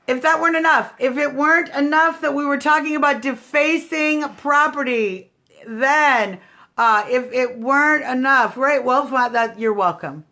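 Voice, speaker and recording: A woman's voice: sits high, a little slow, pushed and bright. A woman hosting a casual political livestream, talking straight to her viewers in a snarky, combative way. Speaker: livestream host.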